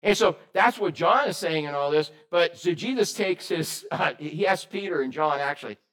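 A man preaching a sermon, lively and animated, questioning his congregation. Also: fairly high pitch, normal speed. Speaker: pastor.

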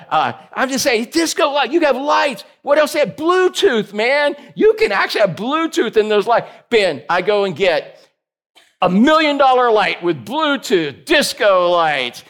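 A man, preaching in a loose, jokey way to a small group. His voice sits high, and he keeps breaking into playful asides aimed at people in the room. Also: fairly bright tone. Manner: jokey, teasing listeners by name, playful asides. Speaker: pastor. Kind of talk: casual joking sermon to a small group.

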